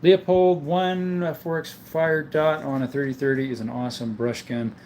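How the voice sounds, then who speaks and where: A man's voice: fairly high pitch, little pitch movement, normal speed, a little mellow, a little hiss or hum. A man from Southern Arizona hosting a casual livestream, reading viewer comments aloud and answering them one by one. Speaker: livestream host.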